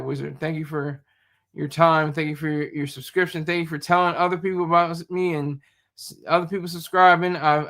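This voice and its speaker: A man chatting loosely on a livestream, stumbling and repeating himself as he answers viewers. His voice is high for a man and bright. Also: creaky. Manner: rambling, repeats words, reads chat comments. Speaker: YouTube streamer. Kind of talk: casual live-stream chat.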